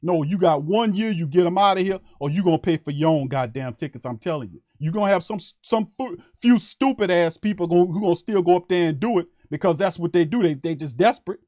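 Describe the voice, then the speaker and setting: A man's voice: sits high, lively intonation, quick pace, hardly any pauses, warm tone, no room sound, studio quality. A man who hosts a sports podcast, delivering a heated, profane fan rant on a live stream and hammering his points over and over.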